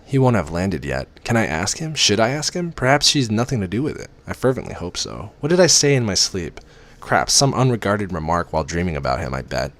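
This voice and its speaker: A man reading a first-person romance story aloud with animated, dramatic emphasis. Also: on the low side, fairly quick, no echo. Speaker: reader.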